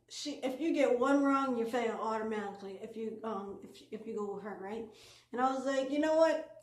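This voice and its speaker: A woman casually telling a personal story, rambling with lots of filler ums and restarts. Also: on the high side. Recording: echoey room.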